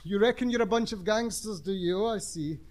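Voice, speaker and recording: A man's voice: sits high, brisk, pitched above the performer's own voice, lightly acted. A man doing a stern, scolding school janitor. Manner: scolding, warning. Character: gruff middle-aged school janitor, stern and threatening.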